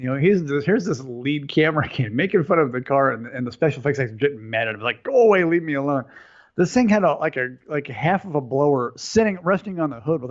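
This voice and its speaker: A man's voice: mid-range voice, muffled recording. A man co-hosting a podcast in casual chat, a rambling storyteller who laughs often. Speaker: podcast co-host.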